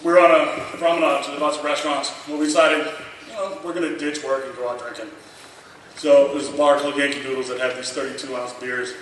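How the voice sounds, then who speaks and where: A man in his thirties telling a lively anecdote at a convention panel, acting out the dialogue and laughing often. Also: medium pitch, fairly quick. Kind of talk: storytelling at a memorial panel. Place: large convention hall. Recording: echoey hall miked from far, noisy.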